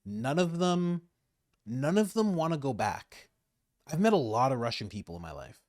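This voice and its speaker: A man giving casual political commentary, animated, laughing often and repeating his points for emphasis. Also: mid-range voice, normal speed, dry recording, clean studio sound.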